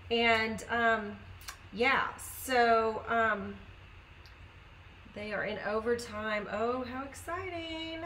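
Live-sale host, woman, bright and higher-pitched, chatty with viewers, faint hiss underneath. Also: extremely slow, far from the mic, poor audio. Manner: chatty, greets viewers by name, upbeat pitch. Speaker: live-stream craft seller. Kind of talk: casual live sales chat. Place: home.

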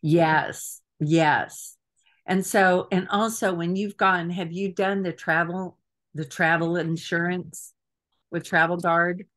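Chatty, hesitant trip organizer on a video call, mid-pitched, casual briefing. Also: fairly even intonation, slow, fairly bright tone. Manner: chatty, hesitant with frequent fillers.

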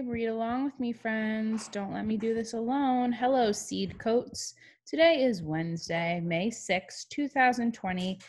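A young woman teaching children over a video call from home, upbeat and encouraging. She talks slowly and deliberately, as if to small children. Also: medium pitch. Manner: cheerful and encouraging, sings along. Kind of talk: online class for young children.

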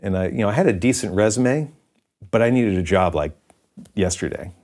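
A middle-aged man, founder of a company, candidly and self-deprecatingly telling his story with halting restarts in an interview. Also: fairly low pitch, expressive, darkish tone.

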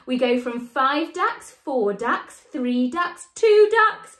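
A woman leading a children's sign language lesson, in an animated, sing-song, encouraging way. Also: high voice, takes it slowly, echoey room. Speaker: baby sign language teacher.

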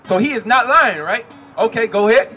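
High, sharp-voiced street preacher man. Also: lively intonation, fairly quick, husky, soft background music. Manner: quizzing and directing the reader with repeated questions. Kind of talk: street preaching with call-and-response Bible reading.

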